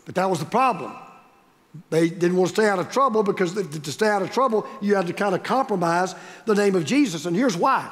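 High-voiced man preaching in a hall. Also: animated, brisk, a bit bright. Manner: emphatic, repetitive preaching with rising stresses. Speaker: pastor. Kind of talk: sermon. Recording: long reverb of a large hall.

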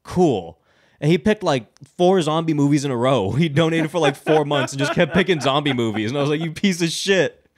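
A man hosting a casual podcast chat, excitable, laughing and swearing freely as he rants. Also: a little high, a little fast, crowd noise. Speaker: podcast host.

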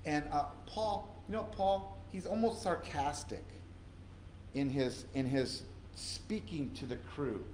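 A man's voice: fairly high pitch, slow pace, darkish tone, roomy sound, a little hiss or hum, low-quality recording. A male pastor giving a conversational, earnest sermon in a church, repeating phrases for emphasis. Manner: earnest conversational preaching with repetitions.

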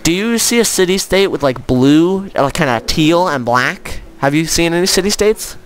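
Brief: slightly high-voiced man, playful let's-play host, laughs a lot, faint game music behind. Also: expressive, normal speed. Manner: playful, laughs often, jokey. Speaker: gaming channel host. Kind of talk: casual let's-play commentary.

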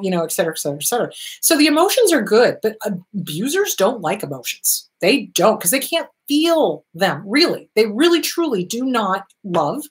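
A woman's voice: mid-range voice, big pitch swings, fairly quick. A woman therapist hosting a talk show, answering viewer questions in an earnest, reassuring way and repeating her key points.

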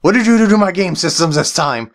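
A woman's voice: lowish voice, expressive, fast. Woman playing a put-upon nerdy guy. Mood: annoyed. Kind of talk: comedy skit.

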